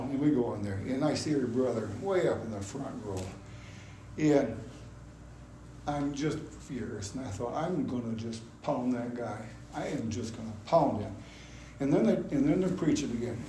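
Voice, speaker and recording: A man's voice: mid-range voice, normal speed. Older guy telling his conversion story, gets worked up retelling it, roomy echoey hall. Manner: animated storytelling, acts out his own past anger. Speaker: testimony speaker. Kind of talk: personal testimony at a gospel meeting. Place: gospel hall. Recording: echoey hall, faint background noise.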